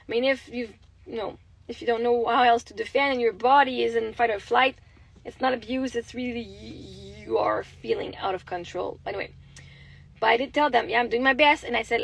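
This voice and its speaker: A woman's voice: a little high, fairly quick, gravelly, no echo, rough recording. A young adult woman with a Québécois French accent, chatting candidly on a phone livestream, rambling and swearing freely. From Quebec, Canada. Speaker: livestreaming mother. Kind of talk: casual livestream chat.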